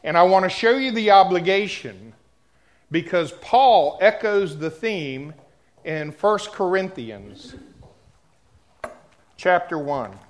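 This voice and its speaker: A male preacher delivers his sermon at an unhurried, drawn-out pace. His voice sits high for a man, and he speaks directly to his congregation as he tells a personal story. His delivery swings between hushed and loud. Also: expressive.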